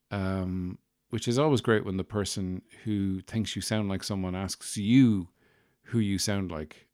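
Podcast host, lowish voice, wry rambling monologue, dry close mic. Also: male voice, fairly even intonation, unhurried, darkish tone, no echo. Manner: rambling, wry, self-deprecating asides. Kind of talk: casual monologue.

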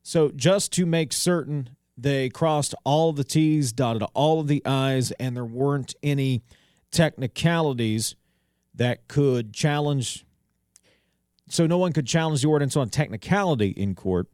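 A man hosts a local talk radio show, reading headlines and commenting conversationally with wry asides. His medium-pitched voice is a little mellow and measured in pace, captured on a studio microphone with a dry sound and no room tone.

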